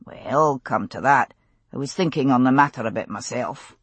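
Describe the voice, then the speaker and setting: A woman voicing a drowsy, wry Scottish man who gently teases his wife in bed. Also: very deep voice, normal speed, breathy edge, no room sound, voice pushed down. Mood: wry, thoughtful.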